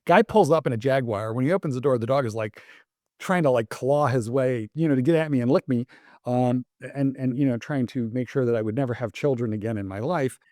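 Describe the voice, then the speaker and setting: Animated storytelling dog trainer, dry close sound. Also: male voice, medium pitch, brisk, no room sound. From Canada. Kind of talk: casual storytelling interview.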